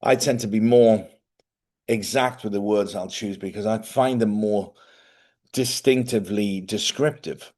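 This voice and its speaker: Low-voiced man in rambling live chat. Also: unhurried, a little mellow. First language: English. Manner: rambling, chatty, thinks aloud. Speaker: live-stream host. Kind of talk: casual live-stream chat.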